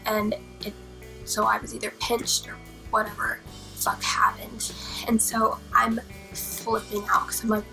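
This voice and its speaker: A young woman tells a haunted-house story to the camera in a storytime vlog, swearing freely and swinging between hushed whispers and loud bursts. Her voice sits on the higher side with a gravelly fry. Faint music plays behind her. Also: completely flat delivery, rough recording. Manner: dramatic, profane, fast swings between whispers and near-shouts. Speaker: vlogger.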